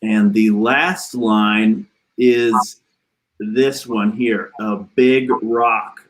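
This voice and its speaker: A man hosting an online improv comedy show, setting up a scene in a halting way with many fillers. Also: lowish voice, fairly even intonation. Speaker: improv host.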